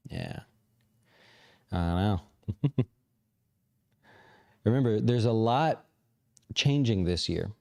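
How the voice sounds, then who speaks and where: A man hosting a casual livestream, answering viewer questions in a relaxed, rambling way with lots of fillers. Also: fairly low pitch. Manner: relaxed, rambling, thinks aloud with many fillers. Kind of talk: casual live chat about investing.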